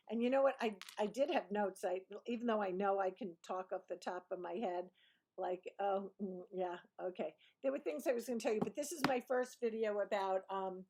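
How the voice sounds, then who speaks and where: A woman's voice: on the high side, gravelly, darkish tone. A woman from Brooklyn telling a personal story to camera, chatty and digressive, correcting herself as she goes. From Brooklyn, New York. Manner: chatty, digressive, self-correcting, laughs often. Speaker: YouTuber.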